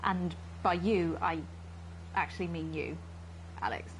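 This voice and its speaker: A woman's voice: on the low side, fairly even intonation, a little slow, a little hiss or hum, natural voice, rough recording. An actress playing an obsessive, posh female TV presenter who rambles through an awkward, pleading confession on air. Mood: signing off.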